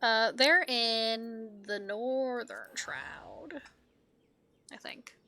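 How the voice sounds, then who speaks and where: A woman's voice: fairly high pitch, drawn-out words, bright, forceful tone. A woman streamer making mumbled, trailing asides while playing a game. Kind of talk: casual gameplay commentary.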